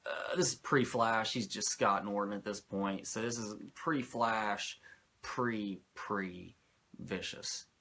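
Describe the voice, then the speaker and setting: A man's voice: medium pitch, sharp tone, slight background noise. A man hosting a podcast, recapping wrestling in a rambling, crude, jokey way. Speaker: podcast host reviewing wrestling. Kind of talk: casual profane recap.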